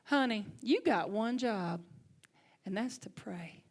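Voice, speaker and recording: A woman's voice: medium pitch, lively intonation, slow pace. A woman with a Southern accent quoting her blunt, no-nonsense Southern woman mentor in a sermon story. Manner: blunt, calls people out.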